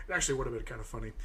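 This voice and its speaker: A man's voice: medium pitch, noisy background. A man in his thirties from the United States, co-hosting a podcast and telling stories in a casual, rambling way with lots of ums. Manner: rambling storytelling with many fillers. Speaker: podcast co-host. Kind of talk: casual chat.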